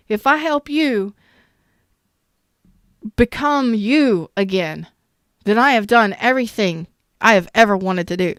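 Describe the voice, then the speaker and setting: A woman's voice: on the high side, normal speed, clear, resonant tone, no room sound, clean studio sound. A woman giving a live-streamed tarot reading who talks candidly and swears freely, greets viewers in the chat, and speaks with strong emotional intensity. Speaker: tarot reader.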